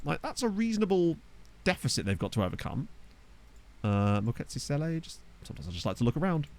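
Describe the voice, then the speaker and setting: His voice is on the high side, very animated and quick, creaky yet a little mellow. A gaming YouTuber, he gives casual let's-play commentary at a desktop USB microphone, chatting, swearing freely, and cracking himself up with his own jokes.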